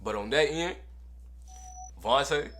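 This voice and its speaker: Young male vlogger, casual slangy storyteller, mid pitch, animated delivery. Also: slow pace. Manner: animated, slangy, repeats phrases for effect.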